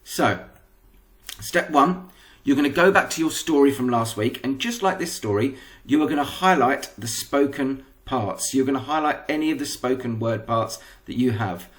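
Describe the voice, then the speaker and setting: A man's voice: mid-range voice, expressive, normal speed, a bit bright. A male primary school teacher with an English accent, giving a patient, step-by-step recorded lesson.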